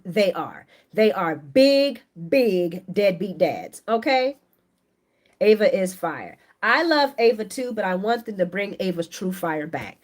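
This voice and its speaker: A woman hosting a casual live stream, reading viewer comments aloud and giving her chatty, opinionated take. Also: medium pitch. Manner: chatty and opinionated, animated, laughs often. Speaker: soap opera recap host on a live stream.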